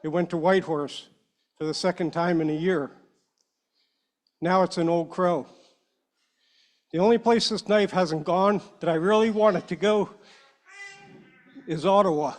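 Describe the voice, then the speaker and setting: A man addressing a public meeting as a panel member, earnest and a little halting, emotional as he speaks. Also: sits high. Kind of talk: heartfelt speech at a meeting. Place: meeting room.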